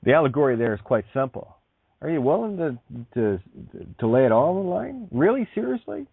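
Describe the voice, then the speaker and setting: On his internet radio show, a man with a somewhat high, sing-song, gravelly and husky voice talks fairly quickly, blunt and profane, laughing and restarting as he goes with emphatic force. The recording is dry and phone-like in its tinniness, with no room sound.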